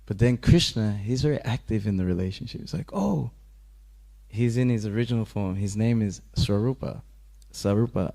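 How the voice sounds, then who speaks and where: A man's voice: mid-range voice, moderate pace, gravelly. A man giving a casual scripture class in a temple, telling a story with lots of laughter and acted-out voices. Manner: animated storyteller, laughs often, acts out quoted voices.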